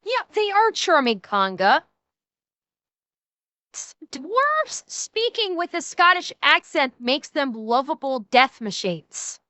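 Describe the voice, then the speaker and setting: A young woman reacts on a live stream, ranting and cursing in exasperation. Her voice is high and bright and she talks at an unhurried pace. The sound is dry and close. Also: sing-song, dry recording.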